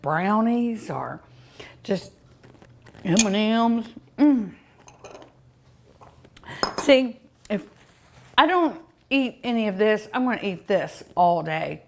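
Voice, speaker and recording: A woman hosting a home cooking show, tasting dessert with drawn-out mms and ohs in a folksy, chatty way, outdoors at her home. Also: mid-range voice.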